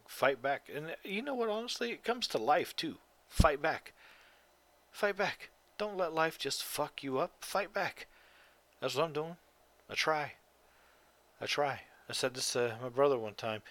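A man's voice: medium pitch, pushed and bright. A tired man hosting a podcast on his own, talking in a rambling, profane and emphatic way and yawning now and then. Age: adult. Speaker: podcast host. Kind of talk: casual solo monologue.

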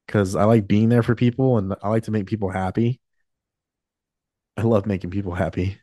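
A podcast host in his late twenties, emotional and choked up, talks candidly in a rambling, casual way with many fillers and restarts. His voice is low, steady, a little fast and dark-toned, recorded in a clean studio with no room sound.

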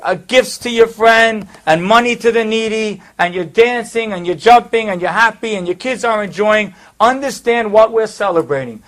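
High-voiced man telling a sermon story. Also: normal speed, hardly any pauses. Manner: conversational, with fillers and asides.

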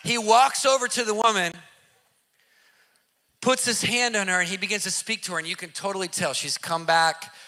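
High, forceful man telling a story. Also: fairly even intonation, moderate pace. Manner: emphatic, vivid storyteller who repeats for effect; casual slang. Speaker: Christian activist telling a testimony. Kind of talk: animated testimony storytelling.

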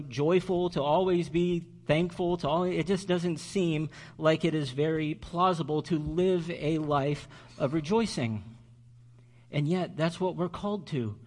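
A man preaching a sermon as pastor, earnest and slowing down on key words for emphasis. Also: a little high, a little mellow.

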